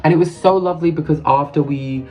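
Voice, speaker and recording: A man's voice: a little high, fast talker, dark tone. A man telling a story in a casual vlog, chatty and gushing, swearing casually as he goes. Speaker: vlogger.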